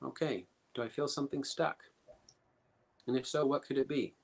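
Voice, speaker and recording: A man's voice: medium pitch, steady tone, normal speed, gravelly. A man giving an instructive talk as a guest speaker, coaching listeners earnestly and asking many rhetorical questions. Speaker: guest speaker teaching emotional coping steps.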